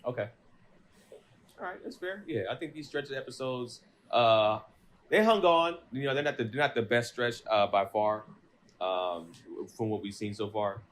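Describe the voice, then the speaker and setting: A man co-hosting an anime podcast in casual chat, laid-back and quick to laugh. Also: mid-range voice, lively intonation, slight background noise. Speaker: podcast co-host.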